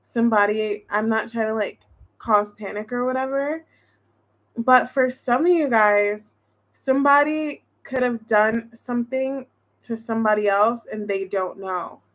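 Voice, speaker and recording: A woman's voice: a little high, measured pace. Chatty woman doing a tarot reading. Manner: chatty, thinks aloud, many restarts and fillers. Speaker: tarot reader. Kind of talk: casual tarot reading to viewers.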